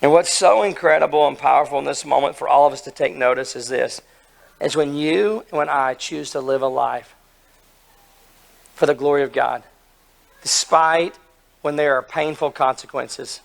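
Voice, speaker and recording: Hoarse man preaching a sermon. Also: on the high side, normal speed. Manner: earnest, emphatic preaching with rhetorical questions. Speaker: pastor.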